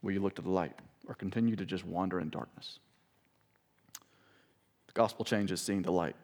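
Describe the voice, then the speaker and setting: A man's voice: normal speed, a little mellow. Man preaching a sermon. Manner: preaching, rises in pitch and volume when reading scripture aloud; talks straight to the congregation with asides like "listen". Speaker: pastor.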